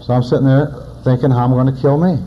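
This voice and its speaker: A man's voice: medium pitch, steady tone, fast, muffled recording, a little hiss or hum. A man in his forties, a recovering alcoholic, giving a personal testimony in a plainspoken storytelling manner with wry humor. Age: 40s.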